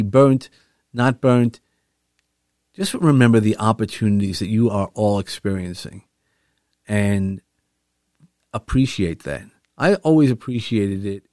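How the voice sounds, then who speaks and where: A man's voice: medium pitch, darkish tone, no room sound, clean studio sound. A middle-aged man telling a personal story in an earnest, heartfelt way, rambling a little with restarts. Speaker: vlogger sharing a personal story.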